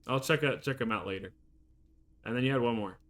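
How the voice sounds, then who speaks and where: A man's voice: mid-range voice, a little fast, fairly bright tone. A male streamer chatting casually while playing a game, reacting aloud and laughing often. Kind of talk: casual gameplay commentary.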